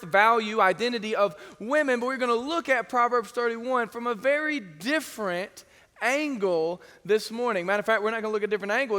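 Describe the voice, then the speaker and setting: A man preaching a sermon, telling stories in a lively way and acting out the voices of others. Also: high-pitched. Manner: lively storytelling, acts out quoted voices. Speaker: pastor. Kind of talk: sermon with anecdotes. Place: church sanctuary. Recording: long church reverb.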